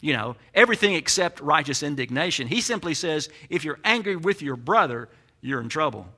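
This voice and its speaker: A man's voice: on the high side, lively intonation, fairly quick, sharp tone. A man preaching a sermon, emphatic and explanatory, with dry humorous asides. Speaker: pastor.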